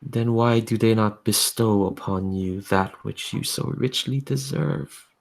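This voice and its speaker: A man voicing a spirit trapped in a cathedral, who coaxes the listener softly and slowly. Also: on the low side, gravelly. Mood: coaxing. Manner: soft, slow, sweet-talking.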